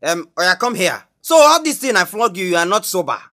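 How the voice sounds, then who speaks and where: A woman's voice: fairly low pitch, very animated, brisk, over a noisy crowd. A woman playing a strict schoolteacher who scolds her class, with a Nigerian accent. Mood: scolding. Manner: scolding, shouty. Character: strict shouting female schoolteacher. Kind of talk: comedy skit acting.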